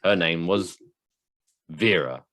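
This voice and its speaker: A man's voice: deep voice, takes it slowly. A man with an English accent co-hosting a podcast, rambling and joking in casual chat. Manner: rambling, jokey, with animated asides. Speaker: podcast co-host.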